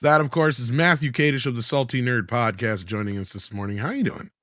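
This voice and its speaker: A man's voice: medium pitch, brisk, a bit bright, dry recording, studio quality. A man moderating a podcast panel, introducing guests with blunt, teasing remarks. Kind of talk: casual panel chat.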